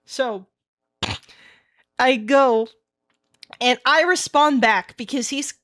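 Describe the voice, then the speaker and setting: High-voiced woman streamer, laughing storyteller. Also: takes it slowly. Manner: animated storytelling, laughs often. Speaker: VTuber streamer. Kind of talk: casual live-stream chat.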